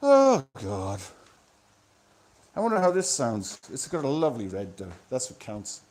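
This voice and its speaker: A man in a profane, sardonic, rambling comic monologue that swings between loud outbursts and low mutters. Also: huge pitch swings, measured pace. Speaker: vlogger. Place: room indoors with electric fans.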